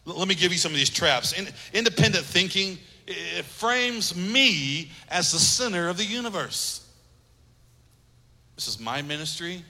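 A man's voice: high-pitched, animated, normal speed, pushed and bright. A man preaching a sermon as pastor, emphatic, repeating phrases and acting out little quotes. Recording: long hall reverb.

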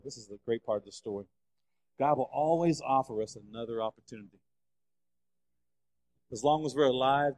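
A man preaching a sermon, telling the story with lively changes of voice as he acts out the figures. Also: on the high side. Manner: animated storytelling, acting out quoted voices. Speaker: pastor. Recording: long hall reverb.

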